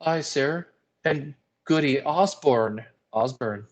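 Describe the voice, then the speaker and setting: A man's voice: on the high side, slow, voice pushed up. A man voicing a desperate enslaved woman accused of witchcraft, speaking in a broken dialect in a play reading. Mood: weeping. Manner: broken dialect, pleading then furious.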